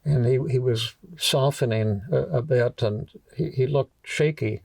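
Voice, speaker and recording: A man with a gravelly voice tells a long story with frequent stumbles and restarts. He sounds a little distant from the microphone. The recording is dry, with no room echo. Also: mid-range voice, darkish tone. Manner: halting, with frequent repeated words and restarts. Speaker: podcast host telling a workshop story.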